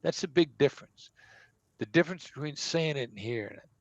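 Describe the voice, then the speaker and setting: A man's voice: fairly high pitch, lively intonation, fairly quick, creaky, no room sound, muffled recording. Emphatic man explaining negotiation tactics. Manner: emphatic, acts out example dialogue. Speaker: negotiation expert guest. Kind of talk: interview answers, teaching.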